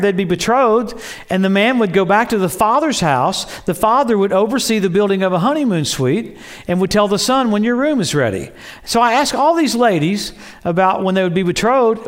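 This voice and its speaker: Male preacher, high voice, excitable, storytelling sermon. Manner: excitable, storytelling, acts out quotes with laughs.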